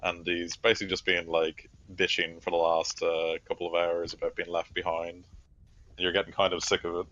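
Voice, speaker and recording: Deep-voiced male game master, loose narration, lo-fi. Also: monotone, brisk, pushed and bright. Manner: loose, filler-heavy narration.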